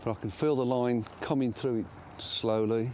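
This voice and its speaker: A man's voice: medium pitch, steady tone, normal speed, darkish tone, a little hiss or hum. An older man, giving chatty, self-mocking commentary outdoors by a lake while he fishes. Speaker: angler presenter. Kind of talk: casual commentary while fishing.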